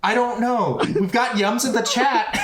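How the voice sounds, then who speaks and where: A man's voice: very high-pitched, measured pace, a bit bright. A man hosting an online game show, reading prompts and scores with many fillers and small laughs. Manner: hesitant, filler-heavy, amused. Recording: roomy echo.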